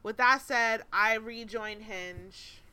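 A woman in her late twenties co-hosting a podcast, telling stories in a profane, animated way and laughing often. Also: fairly high pitch, slow, clear, resonant tone. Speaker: podcast co-host. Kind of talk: casual chat, storytelling.

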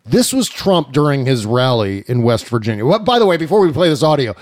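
A man hosting a political talk show in a profane, sardonic, animated way. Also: mid-range voice, brisk. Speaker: podcast host.

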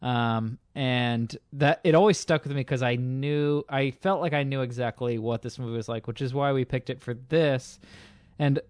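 A man's voice: mid-range voice, moderate pace, smooth, no echo, clean studio sound. A man co-hosting a podcast in casual chat, loose and joking, with plenty of fillers. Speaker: podcast co-host.

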